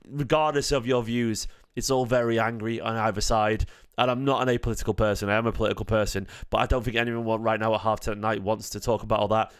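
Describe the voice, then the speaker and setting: Mancunian bloke rambling on a fan stream, jokey and sweary, clean smooth voice, dry sound. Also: male voice, lowish voice, no room sound. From Manchester, England. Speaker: fan channel host. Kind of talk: casual live-stream chat.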